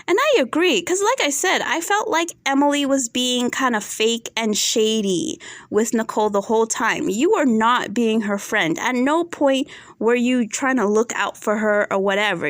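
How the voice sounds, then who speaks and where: A woman's voice: on the high side, expressive, normal speed, no room sound, clean studio sound. A woman giving casual, opinionated commentary on a reality TV show, often checking in with her viewers. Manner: chatty, opinionated, asks "right?" often. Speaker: reality TV reviewer.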